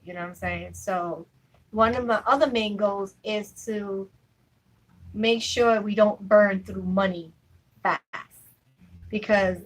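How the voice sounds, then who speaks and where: Over poor audio, a young woman with a medium-pitched voice chats casually with her live stream viewers. She's chatty and rambling with asides, leaning on fillers like "you know what I'm saying."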